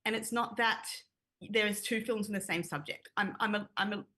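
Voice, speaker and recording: A woman's voice: medium pitch, brisk, sharp tone, breathy edge. A woman co-hosting a podcast, explaining things at length with plenty of ums and little self-deprecating laughs. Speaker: podcast co-host. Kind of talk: casual explanation.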